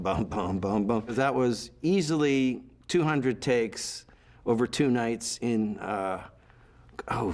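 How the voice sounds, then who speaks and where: A man recalling his film career in an interview, telling animated stories with quoted voices. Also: mid-range voice. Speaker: actor being interviewed. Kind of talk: anecdotal interview storytelling.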